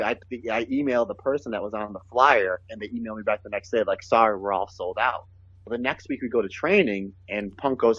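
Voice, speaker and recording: A man telling long, animated stories from his career, acting out what others said to him. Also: on the low side, slightly rough, no room sound, dull audio. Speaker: guest, pro wrestler. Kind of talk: casual storytelling.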